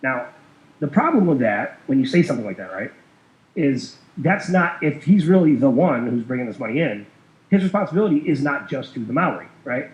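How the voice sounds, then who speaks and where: A man's voice: mid-range voice, sing-song, fairly quick. A man telling a long story in casual chat, rambling with many fillers and small chuckles. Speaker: guest. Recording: roomy, dull lo-fi sound.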